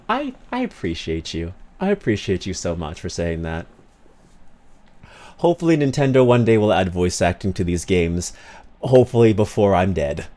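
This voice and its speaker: A man who streams and does voice acting, chatting casually with his live chat, animated and laughing often as he reads and answers messages. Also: on the low side. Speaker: streamer and voice actor.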